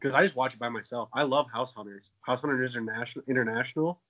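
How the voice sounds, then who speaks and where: A fast-talking man in his twenties with a sharp tone co-hosts a laid-back comedy podcast, heard through a muffled recording. He jokes around, swears, and keeps breaking into silly high-pitched voices.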